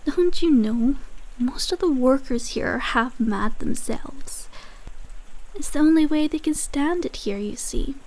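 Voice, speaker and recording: A woman voicing a scornful, possessive young female asylum patient in a whispered role-play, talking down to the listener with slow, mocking remarks. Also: sits high, animated, a little mellow, rough recording. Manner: mocking, condescending, slow and teasing. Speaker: ASMR roleplay voice actor.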